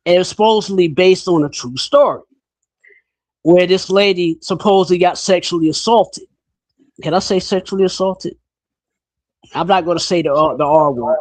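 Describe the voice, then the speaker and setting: A man hosting a casual podcast chat, talking bluntly and in an animated way, his pitch jumping up when he gets riled. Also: moderate pace, pauses often, dry recording. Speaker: podcast host.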